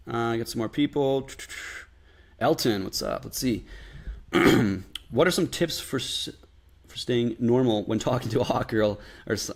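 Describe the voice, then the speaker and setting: A man's voice: mid-range voice, gravelly. A young man answering viewer questions on a live stream, chatty with lots of fillers, acting out different tones of voice. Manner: casual, many fillers, acts out tones of voice.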